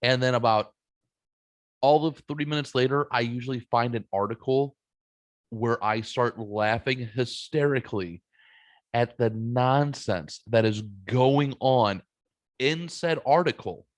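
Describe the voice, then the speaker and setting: A man's voice: mid-range voice, a little slow. A man hosting a podcast in casual chat, self-deprecating and swearing freely as he vents. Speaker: podcast host.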